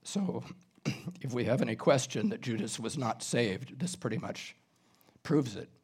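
A man with a somewhat husky voice delivers a teaching sermon, reading scripture passages aloud and walking through them verse by verse. He speaks at a measured middle pitch and clears his throat from time to time. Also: lively intonation, a little mellow. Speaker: pastor. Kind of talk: expository sermon.

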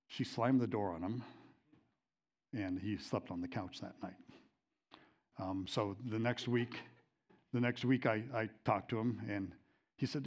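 A man's voice: on the low side, a little slow, long pauses, a little mellow. Conversational man teaching a Bible lesson. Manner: conversational, many fillers and restarts; gets emotional telling a story.

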